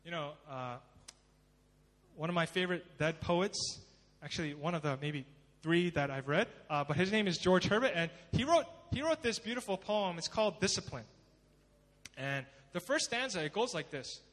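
A man preaching a sermon as pastor, dramatic, swinging from loud emphasis to hushed pleading. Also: sits high, animated, normal speed, in a large hall.

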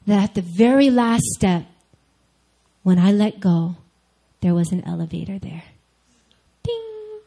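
Animated young woman telling a sermon story. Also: fairly low pitch, low-quality recording. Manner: animated storyteller, addresses listeners directly. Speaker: speaker at a church group meeting.

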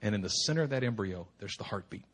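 A middle-aged male pastor preaching a sermon with impassioned emphasis, swinging from hushed tones to shouting and repeating words for effect. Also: fairly low pitch, lively intonation, fast talker. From United States.

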